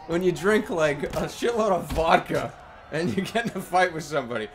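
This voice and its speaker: A man commentating his gameplay with loud, exasperated ranting. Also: a little high, lively intonation, normal speed. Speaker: streamer.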